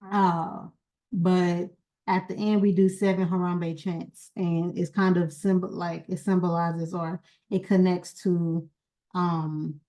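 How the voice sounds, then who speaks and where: A woman hosting her own channel, casually reminiscing in a rambling, chatty way, pausing to search for words and a little sleepy. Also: fairly low pitch, a little mellow, low-quality recording. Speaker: genealogy channel founder and host.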